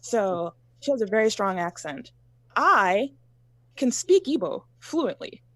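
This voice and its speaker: Woman in a panel talk telling her story slow and steady, lots of pauses, dry close sound. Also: mid-range voice, dry recording. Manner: measured, telling personal stories with pauses and fillers. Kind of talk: casual panel discussion.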